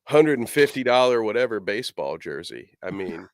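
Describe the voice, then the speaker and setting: Male co-host, mid-pitched, bouncy up-and-down delivery, jokey and profane, dry mic. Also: normal speed, no room sound. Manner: jokey, lively, swears freely. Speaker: podcast co-host. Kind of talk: casual chat.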